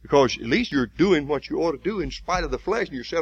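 Folksy preacher man, lively pitch. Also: husky, dull audio. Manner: folksy, rises to loud emphatic preaching with slow repeated lines. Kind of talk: sermon.

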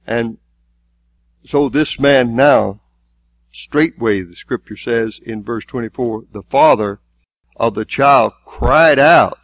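A man preaching a sermon, stressing key words and drawing them out slowly. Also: medium pitch, animated, fairly bright tone, no room sound. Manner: emphatic preaching with slow, drawn-out stresses.

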